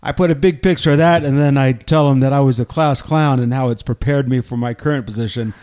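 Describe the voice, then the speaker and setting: A middle-aged man, a teacher and podcast co-host, telling stories in an animated, laughing way. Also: medium pitch, quick pace. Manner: animated storyteller, laughs often. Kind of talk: casual storytelling chat.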